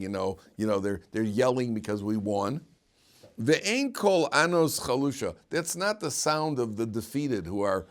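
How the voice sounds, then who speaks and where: A man, a rabbi, giving an informal Torah class to students, asking rhetorical questions and restarting phrases as he talks. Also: medium pitch. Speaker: rabbi teaching a yeshiva class. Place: yeshiva classroom.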